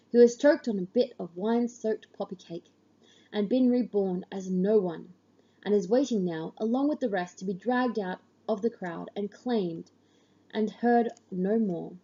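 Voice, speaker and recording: A woman reading a literary story aloud in the first person, measured and grave, on a dull lo-fi recording. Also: medium pitch, warm tone, breathy edge. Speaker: audiobook reader.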